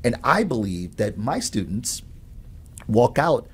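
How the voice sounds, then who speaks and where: A man who teaches at a college, explaining his ideas on learning in an animated, storytelling way and often adding "right?". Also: mid-range voice, slow, slightly rough. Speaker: professor. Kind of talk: conversational explanation.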